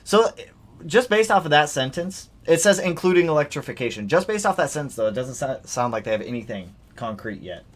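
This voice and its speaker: Animated young man hosting a car livestream. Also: a little high, fairly quick. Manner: animated, reads donations aloud. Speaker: livestream host. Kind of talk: casual livestream chat.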